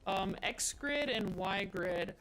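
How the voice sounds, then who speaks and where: A woman's voice: medium pitch, lively intonation, takes it slowly, a bit bright, faint music behind. A woman live-streaming as she codes, chatting casually and thinking aloud in a rambling way with many fillers. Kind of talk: casual live-stream chat while coding.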